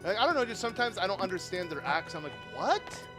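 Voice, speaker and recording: A young man streaming a game, chatting casually and rambling as he answers his viewers, with sudden loud outbursts. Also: high voice, sing-song, rapid-fire. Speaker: livestreamer playing a game. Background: game music.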